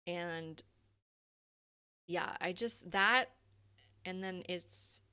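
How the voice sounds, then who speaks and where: A woman's voice: fairly low pitch, very slow, bright, forceful tone, clear, resonant tone. A young adult woman hosting a casual live stream, chatty, laughing often and swearing freely.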